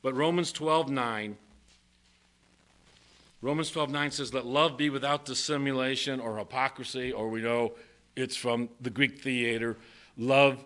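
A man's voice: mid-range voice, fairly even intonation, measured pace, fairly bright tone. An older man preaching a sermon, reading verses and joking as he goes. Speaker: pastor.

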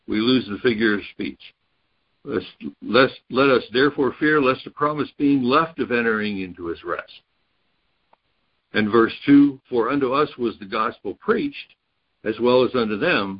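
A man's voice: on the low side, slightly rough, lo-fi sound. A man teaching a Bible study, reading verses aloud and explaining them point by point. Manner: reads scripture aloud, then explains it step by step.

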